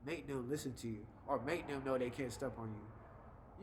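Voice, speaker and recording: A man's voice: mid-range voice, normal speed, a little hiss or hum, rough recording. A young adult man talking casually to camera with life advice, laid-back and conversational, slipping into short example voices. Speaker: vlogger giving life advice.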